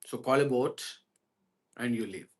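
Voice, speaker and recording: A man voicing a kindly robber who speaks softly and soothingly to his captive. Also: medium pitch, unhurried, lightly acted. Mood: firm.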